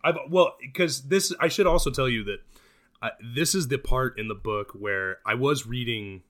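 A man's voice: mid-range voice, normal speed. A man co-hosting a podcast, chatting casually and arguing playfully about books and movies. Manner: animated, joking, argumentative. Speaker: podcast co-host. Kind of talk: casual chat.

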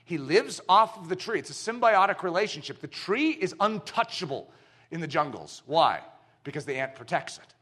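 Male pastor, 30s to 40s: bright, forceful, playful sermon delivery. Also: on the high side, moderate pace. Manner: animated, playful and emphatic. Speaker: preacher.

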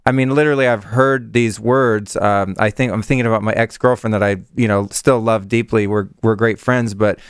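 A man's voice: fairly low pitch, steady tone, moderate pace, few pauses, clean tone, dry recording, clean studio sound. A man hosting an interview, chatting candidly and sharing his own experiences. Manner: candid, shares personal stories. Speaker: podcast host. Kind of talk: casual interview talk.

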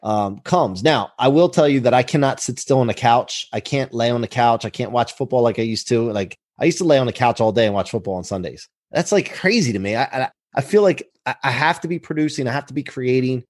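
A man's voice: mid-range voice, animated, brisk, few pauses, no echo. A man with a mid-range voice hosts a podcast. He talks upbeat and emphatic. The sound is dry and close, with no room. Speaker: podcast host. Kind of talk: casual conversation.

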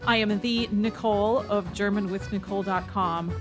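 A woman hosting a language-learning podcast, reading a scripted lesson and acting out learners' questions in a higher voice. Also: fairly even intonation, moderate pace, music in the background. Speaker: language teacher and podcast host.

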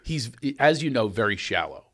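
A man hosting a podcast, telling a comic story in a lively way and breaking into laughter. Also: on the low side, normal speed. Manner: animated, laughing storyteller doing impressions. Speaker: podcast host.

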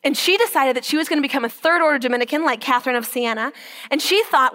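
A woman giving an inspirational Catholic talk who tells stories with energy, drops to a whisper for emphasis and slows down on key words. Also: high voice, pushed and bright. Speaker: Catholic speaker.

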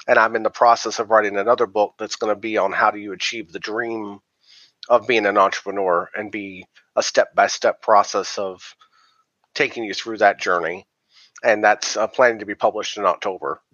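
A man guesting on a podcast, answering in a measured way with many fillers. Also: lowish voice, steady tone, fairly bright tone, dry recording, lo-fi sound. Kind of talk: casual interview answers.

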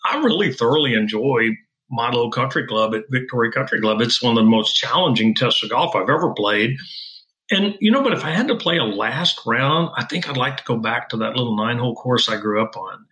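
A middle-aged man speaks in a bright, forceful voice at a middling pitch. He tells his stories emphatically and with self-assurance, talking conversationally in an interview. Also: animated, brisk, poor audio. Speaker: golf wedge designer.

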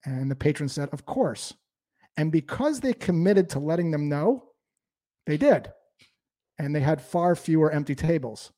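Mellow-voiced man coaching sales. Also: on the high side, normal speed. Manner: explanatory, lively coaching. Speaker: sales trainer. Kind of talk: instructional talk.

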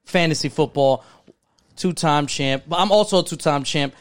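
A young man hosting a casual podcast, jokey and quick to argue with his co-host. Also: a little high. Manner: excitable, argumentative, jokey.

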